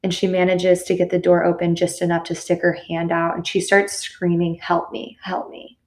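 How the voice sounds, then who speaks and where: A woman's voice: on the low side, monotone, a little fast, darkish tone. A woman hosting a podcast, casually recounting a true crime story with fillers and the odd curse. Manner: casual retelling with cursing and fillers. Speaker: podcast host.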